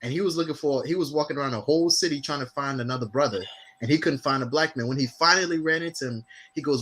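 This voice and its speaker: A man from Ghana telling funny stories in casual chat, animated and laughing often. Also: a little high, fast, husky.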